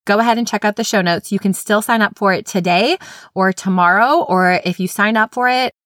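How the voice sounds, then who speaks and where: A woman's voice: medium pitch, brisk, fairly bright tone, no room sound, clean studio sound. A woman, hosting an upbeat, chatty teaching podcast. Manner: enthusiastic, chatty. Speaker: podcast host, literacy specialist.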